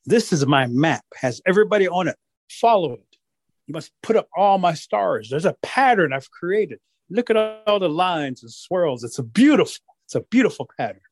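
A man storyteller voicing the creator of everything, a calm, commanding spirit proud of its creation. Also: high voice, moderate pace, dry recording, heavily acted. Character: grand, commanding creator spirit of all things.

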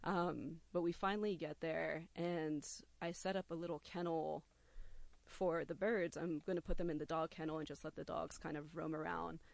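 A young adult telling a personal story to a listener, animated and acting out the quoted voices. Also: mid-range voice, moderate pace, gravelly, no room sound.

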